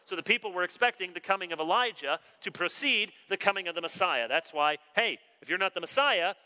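A man preaching a sermon as pastor, animated with wry asides and slowing down for emphasis. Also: sits high, big-room sound.

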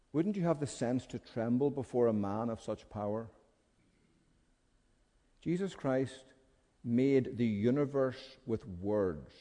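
A man preaching with fervour, his voice dropping to a hush and then rising to urgent appeals. It is a mid-pitched voice carried by a long hall reverb, the sound of a church. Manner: impassioned, swings from hushed pleading to loud urgent calls. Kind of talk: sermon.

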